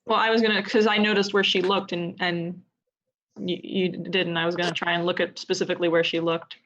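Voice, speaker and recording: A woman's voice: fairly low pitch, flat delivery, fairly quick, a bit bright, lo-fi sound. A woman playing in a tabletop game, chatting casually and asking curious questions. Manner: curious, questioning, laughs easily. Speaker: player. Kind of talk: casual chat.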